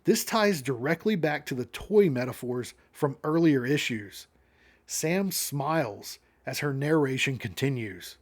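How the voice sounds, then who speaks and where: A man recapping a comic issue and explaining its meaning in measured commentary. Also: mid-range voice, expressive. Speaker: comic book reviewer.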